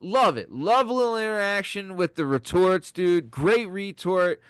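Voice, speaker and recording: A man's voice: high-pitched, unhurried, smooth, dry recording. Upbeat man with a resonant voice. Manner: excitable, joking, profane. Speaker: podcast host. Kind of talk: casual podcast banter.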